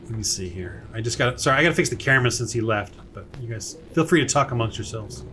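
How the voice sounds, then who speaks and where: A man running a tabletop game as game master, relaxed and hesitant, with many fillers, talking over a home computer mic on a voice call. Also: mid-range voice, fast talker, noisy background.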